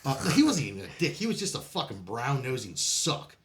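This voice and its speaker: A man's voice: medium pitch, huge pitch swings, fairly quick, a crowd in the background. A man telling his military stories as a podcast guest, in casual storytelling style, swearing freely and laughing often between lines. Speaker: podcast guest, Marine veteran.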